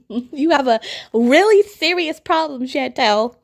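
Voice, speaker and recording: High-voiced woman ranting in a reaction video. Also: expressive, slow, gravelly. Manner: profane, exasperated, mocking. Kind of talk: reaction commentary.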